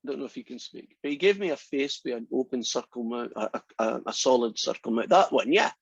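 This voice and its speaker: Joking lecturer, husky and lo-fi. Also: male voice, mid-range voice, lively intonation, fairly quick, no room sound. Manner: rambling, joking. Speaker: math lecturer. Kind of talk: casual online lecture.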